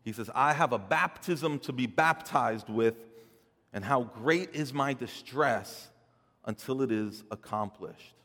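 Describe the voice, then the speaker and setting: A man preaching a sermon, swelling loud and dropping soft, often repeating words as he builds a point. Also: mid-range voice, unhurried, big-room sound. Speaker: pastor.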